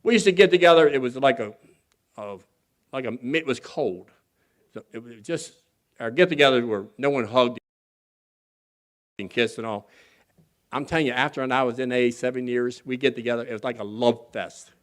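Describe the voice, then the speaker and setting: A man's voice: medium pitch, normal speed, pauses often. A man speaking as guest at a recovery convention, telling his personal story in a folksy, candid and earnest way with some humor. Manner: acts out other people's voices when quoting them.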